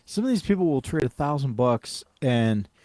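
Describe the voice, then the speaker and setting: A man's voice: medium pitch, sing-song, moderate pace, a little mellow. A man co-hosting a podcast in laid-back casual chat, easygoing and agreeable. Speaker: podcast co-host.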